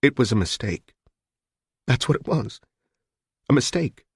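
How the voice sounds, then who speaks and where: A man's voice: medium pitch, animated, a little slow, slightly rough, no echo, studio quality, pitched above the performer's own voice. A male narrator voicing a frightened, miserable young female hostage in a raised, pleading voice. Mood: distressed.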